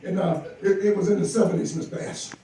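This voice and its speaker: Shot on a phone from the crowd at a large comedy club, an older man from Georgia delivers teasing, playful stand-up, laughing at his own jokes. His voice sits high with fairly even intonation and a fairly quick pace, heard from far off in an echoey club with a loud crowd, audience laughter, and slight background noise.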